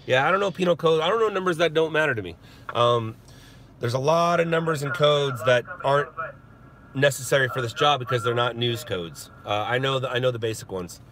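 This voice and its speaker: The background is noisy as a man with a brisk, mid-range voice chats on a live stream from his parked car. A news stringer by trade, he talks into his phone in a joking, casual way and laughs often.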